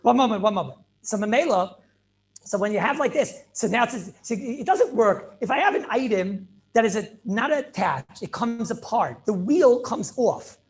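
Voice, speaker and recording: A man's voice: high voice, big pitch swings, normal speed. A man teaching a Talmud class over a video call as a rabbi, emphatic and repetitive, with Hebrew and Yiddish terms mixed into his English. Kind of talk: animated Torah lecture.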